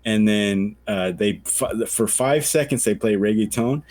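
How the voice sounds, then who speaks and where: Low-voiced man telling a rambling story. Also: measured pace, no echo. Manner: rambling storyteller, animated quoted voices, swears freely. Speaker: podcast co-host. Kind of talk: casual chat.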